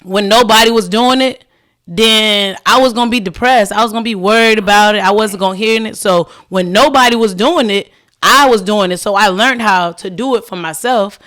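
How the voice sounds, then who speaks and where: At a moderate pace, a woman who runs a cleaning business tells a story as a guest on a podcast, in a relaxed, chatty way. Her middle-pitched voice is lively, she voices the quoted dialogue of the people involved, and "like" comes up constantly.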